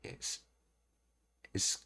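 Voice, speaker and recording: A man thinking aloud as he works through Japanese grammar on a live stream, reading notes and pausing often to puzzle things out. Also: sharp tone. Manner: slow, halting, pausing to read and puzzle things out. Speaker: language learning streamer.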